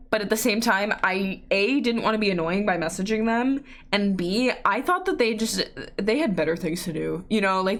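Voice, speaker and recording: A woman's voice: mid-range voice, fairly bright tone. A young woman hosting a casual solo podcast, rambling and self-deprecating as she acts out bits of her own inner dialogue. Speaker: podcast host.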